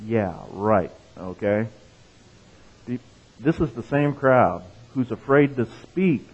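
A male pastor preaching in an easy, conversational way. He reads scripture with lifted emphasis and keeps asking "right?" to draw in his listeners. The sound is narrow and phone-like, with a medium-pitched voice. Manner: conversational, checks in with "right?" and "okay?"; reads scripture with rising emphasis, tells jokes. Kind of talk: sermon.

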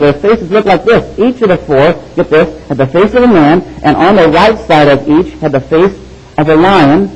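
A man preaching a sermon, animated and storytelling, with quick asides. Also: high voice, husky, rough recording. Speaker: pastor.

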